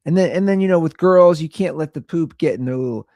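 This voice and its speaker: A man's voice: a little high, fast, darkish tone, no echo, clean studio sound. A man in his thirties hosting a casual show, telling an exasperated, rambling story about his young daughters. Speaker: podcast host; father of two young girls.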